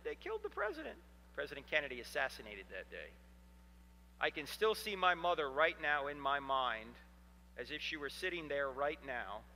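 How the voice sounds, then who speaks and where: A man in his fifties giving an animated, humorous storytelling lecture to a live audience in a hall. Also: medium pitch, a little hiss or hum. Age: 50s. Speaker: Christian apologetics speaker.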